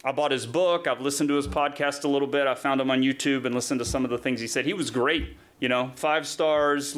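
A middle-aged man preaching a sermon, telling a story in a chatty way and then reading scripture slowly and solemnly. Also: medium pitch, fairly bright tone. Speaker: pastor.

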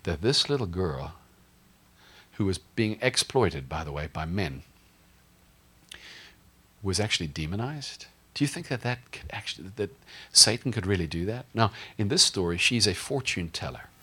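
A man's voice: sits low, lively intonation, moderate pace, bright, forceful tone, husky. A male pastor preaching a sermon in a conversational, humorous way, often asking the congregation questions.

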